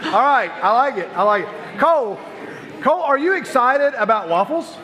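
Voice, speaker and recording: A man hosting a youth group night, joking with the crowd in playful, animated stage banter. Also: extremely high pitch, normal speed. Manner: jokey and animated, laughs often. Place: large hall with audience. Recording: long hall reverb.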